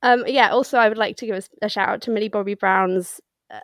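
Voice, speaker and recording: A woman co-hosting a podcast, talking in a relaxed, deadpan way with plenty of ums. Her voice sits at a middle pitch. The sound is dry and close, with no room echo. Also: fast. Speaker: podcast co-host. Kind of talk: casual chat.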